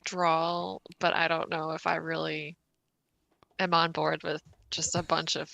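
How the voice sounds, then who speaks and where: A woman's voice: sits low, little pitch movement, measured pace, creaky, sharp tone, dry recording. A woman co-hosting a live stream, teasing and laughing in casual chat. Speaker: podcast co-host.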